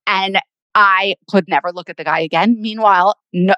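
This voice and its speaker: Middle-aged woman podcast host telling a story, animated, bright tense voice, dry close mic. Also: medium pitch, normal speed, dry recording, muffled recording. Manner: animated storytelling, acting out quotes. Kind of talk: casual chat.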